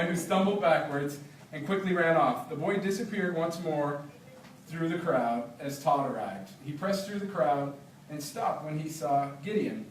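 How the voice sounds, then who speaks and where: A man, an author, telling stories and reading his book aloud to a library discussion group in an animated, laughing manner. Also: a little high, moderate pace, slight background noise. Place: library meeting room. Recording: roomy, distant, faint background.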